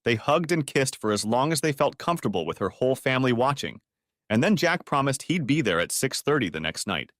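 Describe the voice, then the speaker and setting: A man narrating an audiobook story with expressive storytelling. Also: mid-range voice, brisk, no room sound, studio quality.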